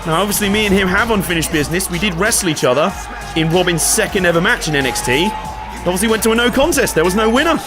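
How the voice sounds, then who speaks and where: Man, higher-pitched, doing casual let's play commentary, swears freely, light music behind. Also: animated, fast, a crowd in the background. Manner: chatty, sweary, self-mocking.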